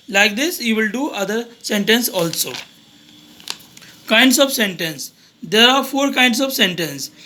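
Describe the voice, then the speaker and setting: Guy teacher doing a grammar review for kids, very high voice, reads each example then explains it. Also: bright, forceful tone. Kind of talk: revision lesson for young students.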